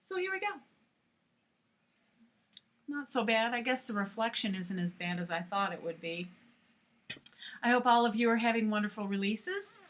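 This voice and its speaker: A woman's voice: mid-range voice, animated, normal speed. A middle-aged woman chatting frankly to camera in a casual vlog, with many fillers. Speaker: vlogger.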